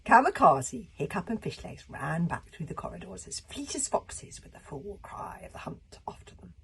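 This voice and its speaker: A woman's voice: fairly low pitch, sing-song, normal speed, creaky, in a whisper. A woman reading a children's book aloud, breaking off to chat and comment on the story. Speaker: reader.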